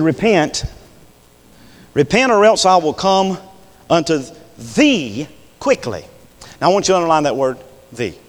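A man preaching a fiery sermon, swinging between shouted peaks and quiet drops. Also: a little high. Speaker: pastor. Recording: long echo in a church hall.

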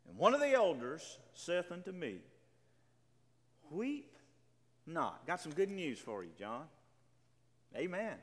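Dramatically reading scripture during his sermon, this preacher is emphatic, stumbling into stammering restarts. He speaks on the high side at a moderate pace, very animated, and the hall echoes around him.

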